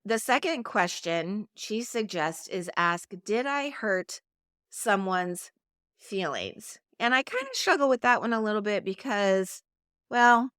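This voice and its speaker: A middle-aged woman talks through her solo podcast in an earnest, coaching manner. Her voice sits at a middle pitch, and the recording is dry and close. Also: very animated, slow pace, fairly bright tone, clear, resonant tone, no echo. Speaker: podcast host.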